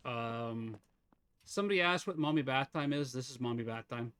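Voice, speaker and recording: A man's voice: medium pitch, normal speed, a bit bright, clear, resonant tone, no echo. A man streaming a game live, chatting casually with viewers, teasing them and laughing often.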